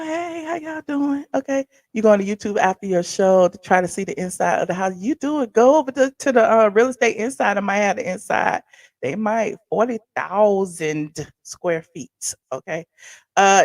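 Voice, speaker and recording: A woman hosting a casual live-stream commentary, animated and excitable, chatting with her viewers in asides. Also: mid-range voice, no echo, clean studio sound. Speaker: commentary channel host.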